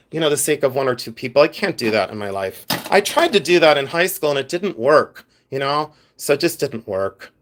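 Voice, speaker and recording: A man talks casually on a live stream, chatting with viewers and answering their comments as they come in. His humor is playful and self-mocking, and his voice sits a little high for a man. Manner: chatty, animated, reads and answers chat. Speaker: livestream host sorting jewelry.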